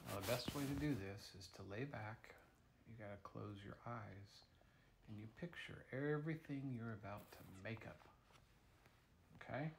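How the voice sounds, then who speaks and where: A man improvising a playful story for a child, moving from hushed tones to excited bursts. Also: on the low side, moderate pace, gravelly, a little hiss or hum.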